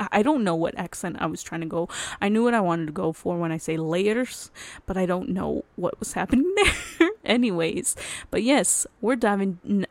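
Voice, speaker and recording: A woman's voice: mid-range voice, lively intonation, normal speed, dry recording. A young adult woman hosting her solo podcast in casual chat, rambling, cutting herself off and laughing often. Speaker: podcast host.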